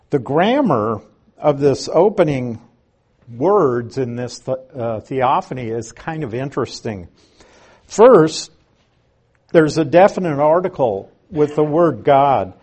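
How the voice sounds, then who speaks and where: A man giving a Bible lesson in an unhurried, explanatory way, reading scripture aloud and stressing key words, with a few dry asides. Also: mid-range voice, darkish tone, husky. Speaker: Bible teacher. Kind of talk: Bible teaching.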